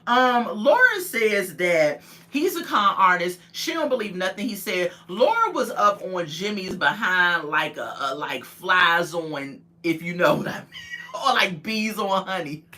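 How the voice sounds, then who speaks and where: Lady chatting thru a show recap, aave, acts out everyone's lines, bright lowish voice. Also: measured pace. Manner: animated storytelling, acts out quotes, laughs often. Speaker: reality show recap vlogger. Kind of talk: casual chat.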